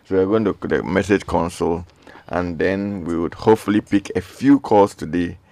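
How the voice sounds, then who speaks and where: Guy hosting a call-in radio show, real low gravelly voice, reads texts out earnest, dry studio sound. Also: moderate pace, a little mellow, no echo. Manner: earnest, reads listener messages aloud, repeats pleas.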